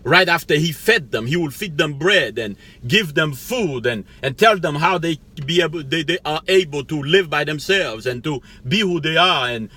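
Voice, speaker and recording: A middle-aged life coach who hosts a channel delivers a rambling, preachy motivational monologue, laughing to himself now and then. His voice sits on the high side with a sharp tone.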